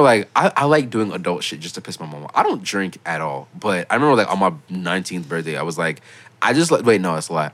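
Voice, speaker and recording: A young man in his late teens hosting a casual podcast, telling stories in an animated way and getting loud when he quotes himself. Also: sits low. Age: young adult. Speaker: podcast host.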